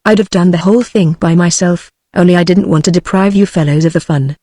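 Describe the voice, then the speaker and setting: A British text-to-speech woman's voice reading the lines of a gruff, dry old male badger in a storybook. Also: on the low side, a little fast, dry recording, close to an everyday voice. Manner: flat synthetic delivery.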